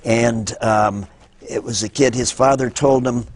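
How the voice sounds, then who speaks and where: An older man tells stories from his radio days with animation, jumping into voices as he recalls scenes. His speech rises and falls freely, at a medium pitch. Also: a little slow. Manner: animated, acts out voices in anecdotes. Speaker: former child radio actor, guest. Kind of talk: interview storytelling.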